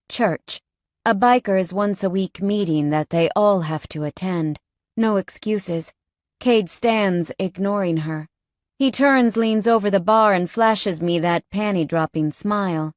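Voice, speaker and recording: A woman's voice: on the low side, takes it slowly, no echo, studio quality. A woman reading a first-person romance novel aloud, with a wry, guarded manner. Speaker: audiobook narrator.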